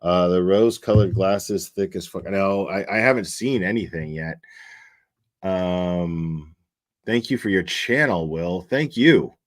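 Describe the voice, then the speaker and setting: A man's voice: deep voice, a little slow. A man hosting a casual livestream, chatting, swearing freely and thanking viewers by name. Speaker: livestream host.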